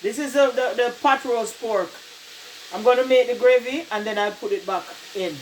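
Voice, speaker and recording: A woman's voice: a little high, moderate pace, a little hiss or hum, poor audio. A woman with a Jamaican accent hosting a casual cooking video in her home kitchen, chatting to viewers and urging them to look at the food. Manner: chatty, calls viewers "people", keeps saying "look at that". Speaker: cooking channel host.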